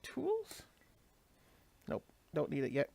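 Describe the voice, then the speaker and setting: A man narrates his gameplay in a loose, rambling way, pausing and restarting as he explains. His pitch swings up and down with animated inflection. The sound is dry, with no room echo. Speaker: let's play host. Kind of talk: casual gameplay commentary.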